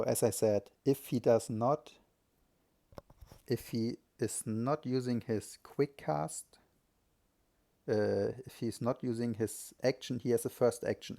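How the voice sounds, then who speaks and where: A man's voice: medium pitch, creaky, dark tone. A man giving live solo commentary on a strategy game, thinking aloud and often correcting himself.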